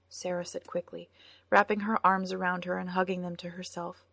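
A woman reading a story aloud in a soft, measured narrating voice. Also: lowish voice, level tone, gravelly, no room sound. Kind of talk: audiobook narration.

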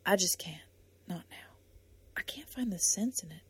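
A woman reading a storybook, voicing a quiet, earnest young man who speaks in a hushed, halting way. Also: high-pitched, expressive, husky, no echo, full character voice. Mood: subdued.

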